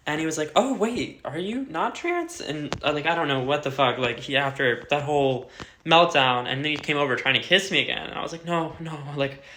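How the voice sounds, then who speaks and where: A woman's voice: deep voice, fairly even intonation, quick pace, sharp tone, a little hiss or hum. Chatty young woman in a roomy echo. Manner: chatty, filler-heavy, swears freely. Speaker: vlogger. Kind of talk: casual storytime.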